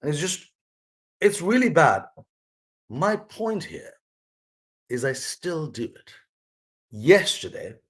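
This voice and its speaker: A man hosting his own vlog, talking through a life lesson in a casual, rambling, earnest way with frequent restarts. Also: mid-range voice. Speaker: vlog host sharing his mother's lessons. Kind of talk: casual reflective monologue.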